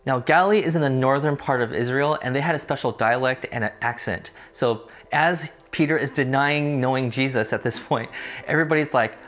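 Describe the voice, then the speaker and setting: A man's voice: mid-range voice, brisk, fairly bright tone. A man teaching a Bible study lesson, reading the passage and then explaining it in a conversational way. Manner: conversational, explains context in plain terms.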